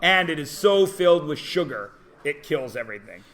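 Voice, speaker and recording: High-voiced, bright, teasing man teaching. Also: animated, moderate pace. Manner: teasing, chatty, asks rhetorical questions. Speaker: math teacher. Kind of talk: classroom lesson. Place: classroom.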